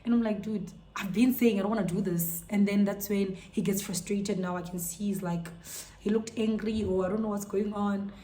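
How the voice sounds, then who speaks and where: A young woman, telling a storytime vlog to her viewers in an animated, incredulous way. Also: medium pitch, moderate pace, a little hiss or hum. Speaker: vlogger. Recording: echoey room.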